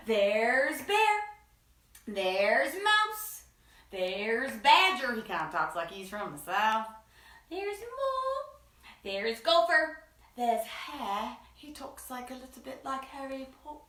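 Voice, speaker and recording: A woman's voice: high-pitched, sing-song, slow, a bit bright, echoey room, recorded from a distance. A woman hosting a children's story time, talking in a playful, bubbly way to young kids.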